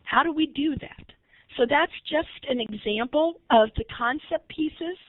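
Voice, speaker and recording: A little slow and high-voiced, this woman delivers a recorded webinar training on early intervention, keeping it conversational and inviting answers from listeners. The sound is dry and tinny, like a phone call.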